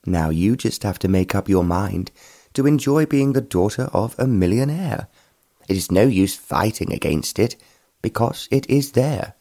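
A patient, wealthy father speaks gently and low, with a soothing tone, as a male narrator puts him on. The voice is dark and mellow. It sits inside a storybook reading. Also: expressive, measured pace, no room sound, clean studio sound. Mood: reasoning.

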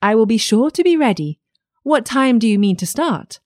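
A woman putting on a small, clever storybook pig with a high, chirpy voice. The tone leaps up, and the sound is dry and close. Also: animated, dry recording, close to an everyday voice. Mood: cheerful. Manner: high, bright, quick replies.

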